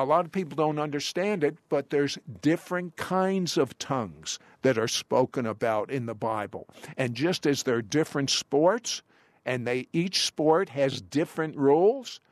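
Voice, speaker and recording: A man's voice: a little high, no echo. Man preaching a sermon, dry and close. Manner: storytelling, quotes scripture with emphatic pauses.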